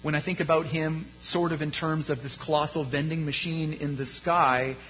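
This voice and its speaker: A man preaching a sermon as a pastor, his delivery rising to emphasis and dropping low. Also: fairly even intonation, normal speed, muffled recording, soft background music.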